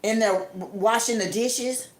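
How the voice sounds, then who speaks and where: Animated woman telling stories in an echoey room. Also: a little slow. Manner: animated, acts out quoted voices with big pitch jumps. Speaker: live-stream co-host. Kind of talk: casual storytelling chat.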